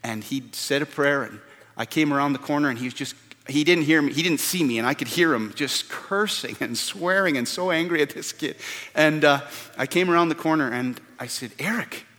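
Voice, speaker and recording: Male pastor, earnest sermon, fairly high voice, long hall reverb. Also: fairly quick, fairly bright tone. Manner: earnest, repeats words when stressing a point.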